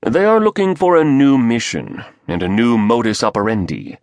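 A smug, scheming British conspirator with a deep baritone, as a man plays him, laying out sinister plans in a measured, sneering delivery. The voice sits dry and close, and his pitch swings widely as he leans into each point. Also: big pitch swings, dry recording.

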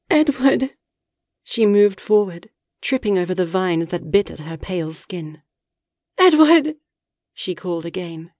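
A woman narrating a dark fantasy audiobook in a measured, dramatic reading. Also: lowish voice, creaky, no echo, studio quality.

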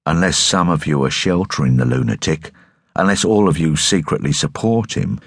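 A stern young revolutionary leader, hostile and curt, as a male narrator gives him voice. He sounds deep and a little husky, with lively pitch, from an audiobook. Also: normal speed, dry recording, studio quality, exaggerated voice. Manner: curt, accusing.

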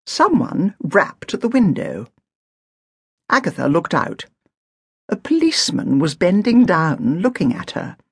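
Gravelly, expressive woman audiobook narrator. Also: lowish voice, measured pace, dry recording, clean studio sound. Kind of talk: scripted narration.

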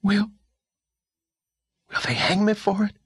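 A man voicing a small, panicked boy in a historical audiobook, pitched high and stammering. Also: expressive, takes it slowly, a bit bright, slightly rough, dry recording, clean studio sound, full character voice.

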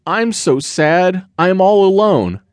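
A man's voice: high-pitched, animated, slow pace, a little mellow, dry recording, voice pushed up. A man voicing a lost, worried young male bear cub in a children's audiobook, earnest and plaintive. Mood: distressed. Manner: earnest, plaintive and breathy with effort.

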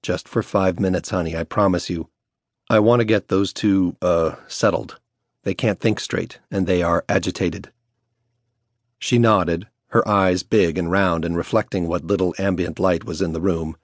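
A man reads a first-person story aloud as an audiobook narrator, keeping his delivery measured and hushed. His voice sits very low, and the close studio recording is dry, with no room sound. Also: fairly even intonation, no room sound.

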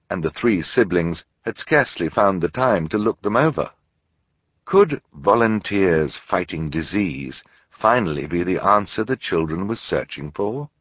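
A man's voice: low voice, no echo, muffled recording. A man narrating a children's audiobook in a theatrical storytelling manner. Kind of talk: scripted narration.

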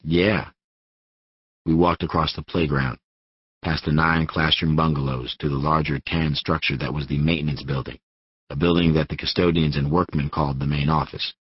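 A man narrating an audiobook in an unhurried first-person voice. His voice is extremely deep with a husky grain, recorded dry and close with a somewhat dull, muffled top end. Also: dry recording. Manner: steady first-person storytelling. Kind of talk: scripted narration.

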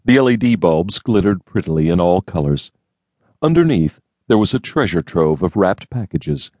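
A man narrates an audiobook in a steady, measured way. His voice is very low and even. The recording is close and dry, made at a studio mic. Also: no room sound. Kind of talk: scripted narration.

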